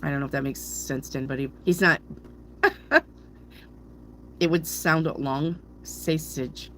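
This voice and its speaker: A woman's voice: sits low, fairly even intonation, moderate pace, fairly bright tone, a little hiss or hum. A middle-aged woman, a tarot reader, chatting casually to her viewers, playfully tripping over hard words and laughing at herself. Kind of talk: casual rambling chat to viewers.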